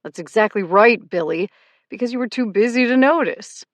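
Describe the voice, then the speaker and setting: A woman's voice: on the low side, lively intonation, a little slow, dry recording. A woman narrator voicing a charming, buzzed ex-husband in an audiobook, with an easygoing, teasing manner. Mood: defensive. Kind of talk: audiobook character voice.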